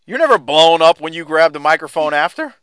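Bright, crisp-voiced podcast host. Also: male voice, on the high side, big pitch swings, a little fast, no room sound. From New Orleans, Louisiana. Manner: laughs often, rambling with restarts. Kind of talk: casual chat reviewing old wrestling.

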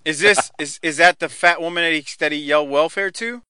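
A man's voice: on the high side, sharp tone, clean tone, no room sound, studio quality. Laughing, swearing man hosting a podcast. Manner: laughs often, swears freely, talks in quick rambling restarts. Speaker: podcast host. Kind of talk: casual podcast chat recapping a wrestling show.

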